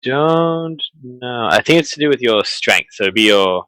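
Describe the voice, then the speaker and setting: A man running a tabletop horror game live, chatty and animated, with many fillers and restarts. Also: medium pitch, unhurried, no room sound, poor audio. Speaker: game master.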